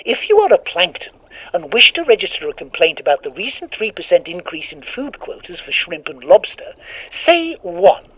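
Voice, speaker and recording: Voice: medium pitch, big pitch swings, normal speed, fairly bright tone, pitched above the performer's own voice. A storyteller voicing a strange, bubbly automated hotline that recites options formally, sounding far off like a phone. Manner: bubbly, formal, recorded-message tone.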